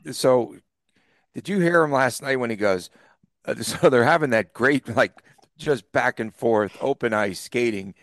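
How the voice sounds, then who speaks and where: A man from the East Coast co-hosting a sports podcast, chatting casually and telling animated stories with frequent laughs. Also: medium pitch, a little slow, dry recording, clean studio sound. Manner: laughs often, animated storyteller. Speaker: podcast co-host.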